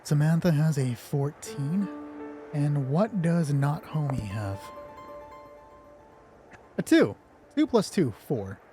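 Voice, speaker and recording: A man's voice: fairly high pitch, sing-song, slow pace, pauses often, mellow, faint music behind. A man running a tabletop game on a live stream as game master, joking and mocking himself, a little nervous. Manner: joking, self-mocking and chatty. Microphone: headphones on, streaming from home.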